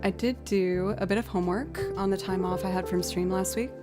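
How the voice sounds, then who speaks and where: A woman's voice: mid-range voice, steady tone, brisk, over music. An American woman from near Boston, a musician streamer, chatting casually and thinking aloud between songs. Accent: American, light Southern slips. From outside Boston, USA. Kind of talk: casual live-stream chat.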